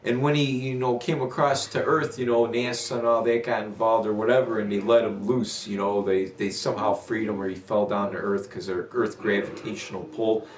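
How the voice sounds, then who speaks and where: A man's voice: fairly low pitch, flat delivery, a little fast, hardly any pauses, echoey room, slight background noise. A man chatting casually on a gaming livestream, rambling through a profane rant with lots of restarts and fillers. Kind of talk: casual chat while streaming.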